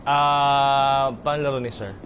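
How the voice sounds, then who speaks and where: A man's voice: mid-range voice, little pitch movement, a little slow, a bit bright, muffled recording, slight background noise. A young Filipino man chatting casually in Filipino-accented speech while live-streaming a game, laughing often. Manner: chatty, switching between English and Tagalog, laughs often.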